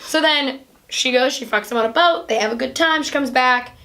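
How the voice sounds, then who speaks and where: A woman's voice: sits high, normal speed, bright, forceful tone. A woman hosting a podcast, chatting casually and animatedly as she retells a film, full of "like"s and acted-out quotes. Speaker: podcast host. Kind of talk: casual chat recapping a film.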